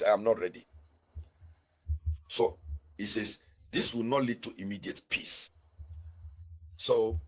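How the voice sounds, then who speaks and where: Husky man giving emphatic news commentary. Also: fairly low pitch, poor audio. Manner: emphatic, repeats key phrases, urges viewers to share. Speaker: host of a news commentary channel. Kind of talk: political news commentary monologue.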